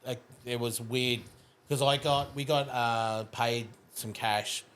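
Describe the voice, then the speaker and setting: Man, middle-aged, podcast guest, animated storyteller, mid-pitched voice. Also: slow, a little hiss or hum. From Australia. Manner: animated, laughs through his stories. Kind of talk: casual storytelling.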